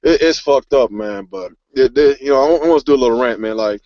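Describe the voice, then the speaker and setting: A man's voice: mid-range voice, quick pace, few pauses, darkish tone, dry recording. A man hosting a casual podcast, ranting angrily with a lot of swearing. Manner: profane angry ranting. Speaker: podcast host. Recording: dry, muffled lo-fi audio.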